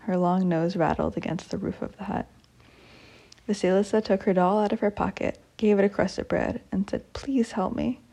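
A woman storyteller reads a folk tale aloud at a measured, steady pace. Her voice is dark and mellow, with a gravelly, husky texture. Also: mid-range voice.

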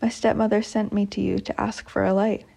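A woman's voice: medium pitch, little pitch movement, brisk, creaky, dark tone, slightly rough. A woman reading a storybook, voicing a frightened, polite young girl who speaks in a hesitant way. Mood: timid.

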